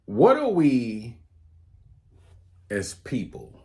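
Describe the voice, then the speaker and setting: A man's voice: mid-range voice, wildly swooping pitch, drawn-out words, mellow. A man co-hosting a podcast in casual chat, giving short agreeing replies and asking the questions. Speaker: podcast co-host.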